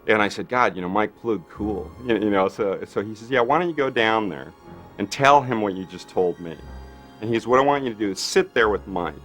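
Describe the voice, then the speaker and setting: A man recounts an old story in an interview, stumbling through fillers and acting out the lines of others. His voice sits fairly low. Faint music plays beneath him. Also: a little fast, a bit bright. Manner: rambling, acts out quotes, many fillers. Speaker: special effects artist. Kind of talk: interview anecdote.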